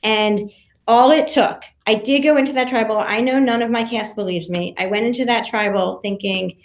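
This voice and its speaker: Animated storytelling woman, high voice. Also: roomy sound. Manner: talks fast with many restarts and fillers, acts out quotes. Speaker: podcast guest, reality show contestant.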